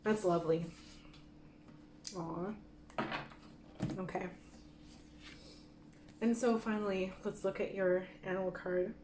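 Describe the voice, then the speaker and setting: A woman giving a gentle pick-a-card tarot reading who gets openly emotional and laughs softly. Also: medium pitch, steady tone, slow pace, pauses often, background noise. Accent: Michif-speaking Métis greeting and French sign-off. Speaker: tarot reader. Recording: echoey room with faint ambience.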